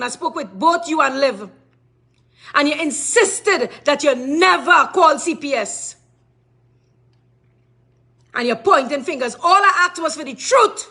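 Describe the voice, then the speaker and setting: A woman's voice: high voice, lively intonation, a little slow, long pauses, pushed and bright. A woman with a Trinidadian accent in an angry rant to camera, cursing and firing off repeated questions. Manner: furious, cursing, repetitive questioning.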